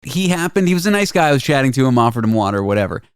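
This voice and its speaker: A man's voice: mid-range voice, sing-song, very fast, clear, resonant tone, no echo. Dry-voiced man host, steering the chat. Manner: dry, tries to steer the talk back on track. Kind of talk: casual chat.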